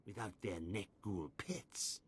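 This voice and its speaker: An actor playing a brisk male Imperial officer who gives orders in a commanding way. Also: low voice, breathy edge, heavily acted. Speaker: quest-giver.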